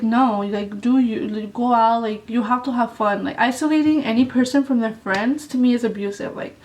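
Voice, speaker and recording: Young woman vlogger, slightly high voice, blunt, swears a lot, full of "like", a bit off-mic. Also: steady tone, a little fast, few pauses, far from the mic, rough recording. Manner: blunt, heavy swearing, lots of "like". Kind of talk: casual storytime vlog.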